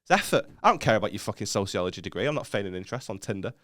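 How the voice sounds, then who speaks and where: A man from northern England rattles through his opinions at a quick clip, blunt and full of swearing. His voice is dry and close to the mic, with no room sound. He talks casually, like a podcast co-host. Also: on the low side, big pitch swings, fairly bright tone, dry recording. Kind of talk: casual chat.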